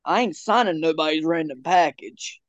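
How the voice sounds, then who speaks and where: A young man co-hosting a casual chat, rambling with halting restarts and frequent laughs. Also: fairly high pitch, no room sound, muffled recording.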